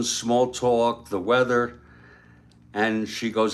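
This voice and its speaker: A man casually retelling a story aloud, unhurried, with frequent fillers and asides. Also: lowish voice.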